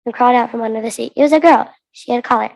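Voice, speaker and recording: Young woman, American accent, reading aloud, fairly high voice, earnest with restarts. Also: racing, vocal fry, a little mellow. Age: teens. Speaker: student reader. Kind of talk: reading her own story aloud.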